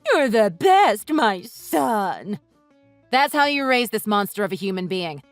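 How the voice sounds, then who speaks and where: A woman voicing a sharp-tongued wife in a text-message story reading, cutting and scornful with her in-laws. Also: mid-range voice, big pitch swings, a little slow, dry recording, soft background music. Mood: mocking.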